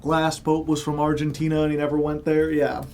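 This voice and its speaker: A man's voice: fairly high pitch, level tone, brisk, warm tone, faint music behind. A man who grew up in Chicago, chatting casually with stream viewers in a rambling way full of fillers and joking asides.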